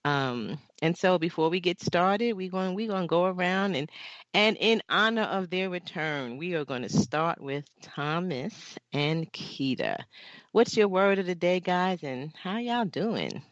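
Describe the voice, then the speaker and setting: A man's voice: high-pitched, a little slow, no room sound. Upbeat man hosting a podcast. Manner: upbeat, energetic welcome. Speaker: podcast host. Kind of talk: casual chat. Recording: dull lo-fi podcast audio.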